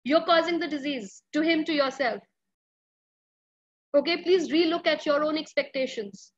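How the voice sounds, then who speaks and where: A woman's voice: high-pitched, moderate pace, long pauses, highs cut off. A woman speaking earnestly to parents at an online school workshop, often pleading and using many fillers. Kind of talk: parenting workshop talk over a video call.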